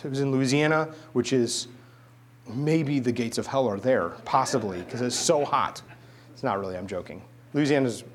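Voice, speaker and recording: A middle-aged man preaching a sermon, mixing a humorous personal story with quiet, emphatic repetition. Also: mid-range voice.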